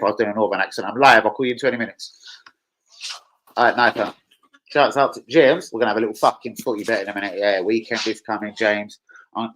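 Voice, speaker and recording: A man's voice: lowish voice, fairly bright tone, poor audio. A man hosting a live stream, chatting casually in a rambling, slang-heavy way and swearing freely. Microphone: streaming setup mic.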